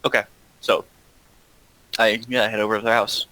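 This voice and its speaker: A man's voice: lowish voice, flat delivery, pushed and bright, dry recording, rough recording. A man taking part as a player in a tabletop game, talking casually and hesitantly. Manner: slow, hesitant.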